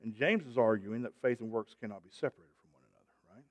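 A man preaching a sermon, emphatic, with call-and-response and loud rising peaks. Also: medium pitch, fast.

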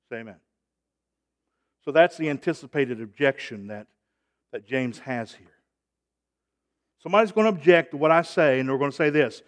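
A man preaching a sermon, emphatic, with call-and-response and loud rising peaks. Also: medium pitch, animated, normal speed, pauses often.

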